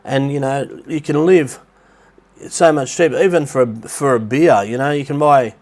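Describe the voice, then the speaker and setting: A man's voice: mid-range voice, moderate pace, darkish tone. A middle-aged Australian man hosting a casual livestream, chatty and rambling, with a blocked nose that makes him sound nasal. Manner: rambling, chatty, greets viewers by name. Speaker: livestream host. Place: rented apartment near the beach in Thailand.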